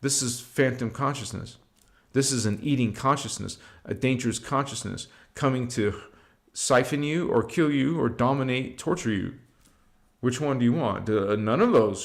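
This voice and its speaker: A man hosting a spiritual livestream, talking loosely and slangily, swearing now and then, and leading slow chanted affirmations. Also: mid-range voice, lively intonation. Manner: loose and slangy, swears, drifts between chat and slow incantation.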